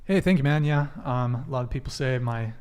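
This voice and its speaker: Hosting a live dating talk stream, a man reads out viewers' super chats and thanks them in a relaxed, casual chat. His mid-range voice is fairly quick, a little mellow, and clear with a resonant tone.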